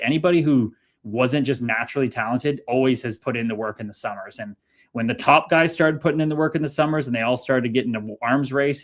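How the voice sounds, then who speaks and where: A man in his thirties recounts his past in an easy, conversational way, with pitch sitting right in the middle for a man. He gets animated and acts out the people in his stories, with a casual swear here and there. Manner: animated, swearing, lively retelling with quoted dialogue. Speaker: interview guest, former pro hockey player. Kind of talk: casual storytelling.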